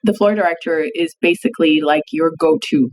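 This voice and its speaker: A woman journalist from East Africa, a podcast guest, telling her story in a thoughtful, measured way, with pauses and fillers. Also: deep voice, a little mellow, a little hiss or hum, rough recording. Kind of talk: reflective interview storytelling.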